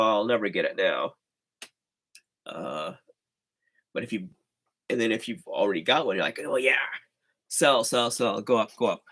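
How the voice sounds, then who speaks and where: Casting: male livestream host, mid pitch, loose rambling chat, frequent sighs and chuckles. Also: a bit bright. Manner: rambling, chatty, with sighs and laughs.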